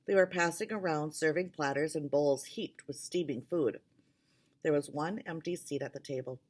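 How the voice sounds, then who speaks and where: A woman reading a children's novel aloud in a steady narrating voice. Her pitch sits low, and she opens with a casual chat before the chapter. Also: moderate pace. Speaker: reader.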